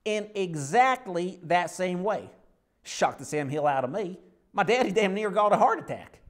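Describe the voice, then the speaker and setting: Guy playing a lost southern-drawl dude, high-ish voice that swings all over. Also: very animated, moderate pace. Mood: bewildered. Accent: American Southern. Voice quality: folksy drawl, slangy. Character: Lebanese man stuck with a Southern drawl, bewildered. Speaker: patient. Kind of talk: comedy sketch acting.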